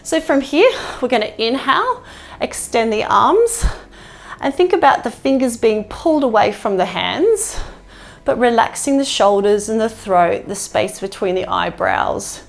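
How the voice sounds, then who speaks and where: A woman leading a yoga class, giving calm, encouraging cues with casual fillers, slightly out of breath. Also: fairly high pitch, measured pace, creaky. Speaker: yoga instructor. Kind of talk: guided yoga class instruction.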